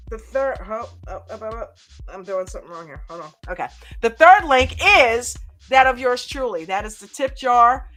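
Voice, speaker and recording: Woman, stream host, lively casual greetings, higher voice, bright tone, soft music behind. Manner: lively, greets viewers by name, laughs often. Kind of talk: casual live chat shout-outs.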